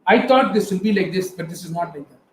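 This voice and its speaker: A middle-aged man with an Indian English accent gives an earnest motivational talk, turning often to speak straight to his audience. His voice sits high for a man. The room is echoey, with faint ambience behind him. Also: fast, slight background noise. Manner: earnest storytelling, addresses the audience directly. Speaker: guest speaker.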